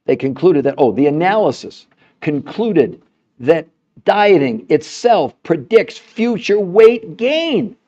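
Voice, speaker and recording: A man's voice: sits high, lively intonation, unhurried, a little mellow, lo-fi sound. A man hosting a live health stream, talking with indignation, laughing in disbelief and firing rhetorical questions at his viewers. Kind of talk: heated livestream monologue.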